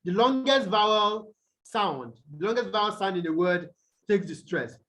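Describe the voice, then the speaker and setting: A man tutoring students over a video call, explaining slowly and quizzing them as he goes. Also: sits high, expressive, sharp tone. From Nigeria. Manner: slow, deliberate, quizzes students. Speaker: English tutor. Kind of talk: online tutorial lesson.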